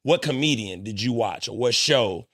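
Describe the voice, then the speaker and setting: A man's voice: mid-range voice, lively intonation, normal speed, a bit bright. A man in his thirties hosting a podcast interview, joking bluntly and cutting in. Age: 30s. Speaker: podcast host. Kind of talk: casual interview chat.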